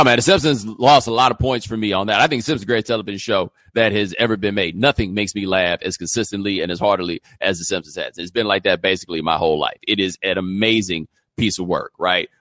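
A middle-aged man hosting a show, delivering an animated opinion monologue full of rhetorical questions. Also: lowish voice, no echo. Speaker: host.

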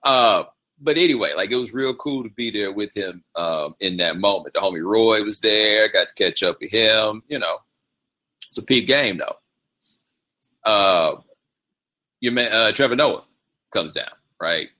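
Casting note: male host, low husky voice with a bright, forceful edge, loose rambling storyteller. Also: lively intonation, unhurried, pauses often. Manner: rambling storytelling with quoted impressions. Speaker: show host. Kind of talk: casual livestream monologue.

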